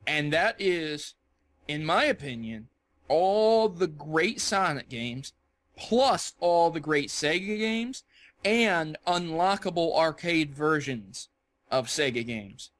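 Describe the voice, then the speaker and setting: A young man co-hosting a podcast in casual chat, joking and laughing with quick bursts of excitement. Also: fairly high pitch. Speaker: podcast co-host.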